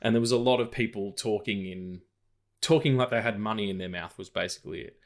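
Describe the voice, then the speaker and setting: A man's voice: fairly low pitch, quick pace. A man co-hosting a podcast, chatting casually about film news with lots of fillers, restarts and tangents. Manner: rambling, full of fillers and tangents. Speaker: podcast co-host.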